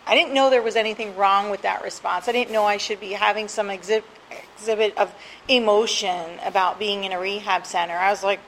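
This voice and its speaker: A woman's voice: medium pitch, fairly even intonation, a little fast, fairly bright tone, a little hiss or hum, rough recording. Candid woman laughing through her story. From New Jersey. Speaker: guest sharing her recovery story. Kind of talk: personal storytelling.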